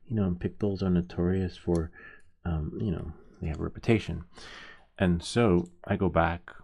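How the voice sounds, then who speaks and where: Man, gravelly low voice, mellow tone, rambling casual storytelling on a live stream. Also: steady tone. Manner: rambling, halting, with many restarts. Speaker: host of a soldering live stream. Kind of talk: casual storytelling while soldering.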